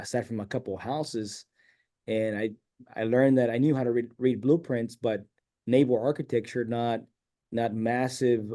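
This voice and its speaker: A middle-aged man from San Diego telling a long personal story as a guest in a casual interview, acting out the voices of people he quotes. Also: medium pitch. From San Diego, California. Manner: rambling, animated storyteller who acts out quoted dialogue.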